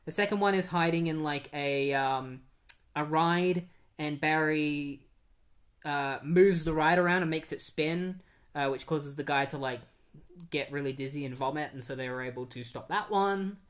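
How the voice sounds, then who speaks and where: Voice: medium pitch, moderate pace. A podcast host casually recapping a comic book issue, chatty and with many fillers.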